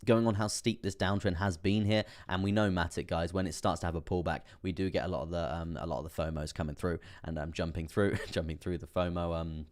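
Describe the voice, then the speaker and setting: A man with a very deep voice hosts a relaxed live-stream about crypto trading. He rambles through charts with lots of fillers, chuckling to himself as he goes. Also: a little fast, hardly any pauses. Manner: chatty, rambling, laughs often, many fillers. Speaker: crypto trading livestream host. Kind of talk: casual live-stream market commentary.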